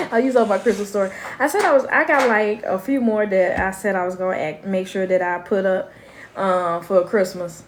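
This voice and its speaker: A woman's voice: medium pitch, moderate pace, background noise. A middle-aged grandmother hosting a casual parenting live stream from home. She talks bluntly and chattily and keeps breaking off to talk to her grandson.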